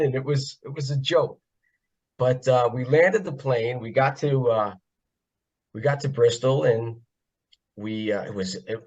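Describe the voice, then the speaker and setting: A man from the northeastern US, a podcast guest telling casual stories in a jokey, laughing way. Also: medium pitch. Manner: jokey, laughs often, self-described funny guy. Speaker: podcast guest, former pit crew member. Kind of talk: casual storytelling. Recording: slightly dull lo-fi audio.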